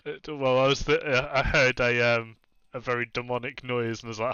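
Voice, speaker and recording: A man's voice: mid-range voice, fairly even intonation, brisk, sharp tone, clean tone, no echo, dull audio. A man playing in a tabletop game, joking around and laughing often. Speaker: player. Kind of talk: casual chat at a tabletop game.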